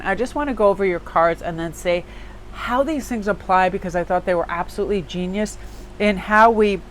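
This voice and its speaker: A woman reads tarot cards in an easygoing, conversational way. Her voice sits at a middle pitch, and she talks emphatically, with plenty of filler words. There is a faint hiss of noise underneath. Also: poor audio. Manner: chatty and emphatic, lots of "like" fillers. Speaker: tarot reader and small business owner. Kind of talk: casual daily tarot reading.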